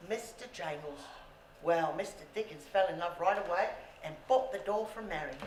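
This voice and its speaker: A woman storyteller telling a story to a live audience in an animated way, asking her listeners questions and bantering with them. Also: high-pitched. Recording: roomy with faint background noise.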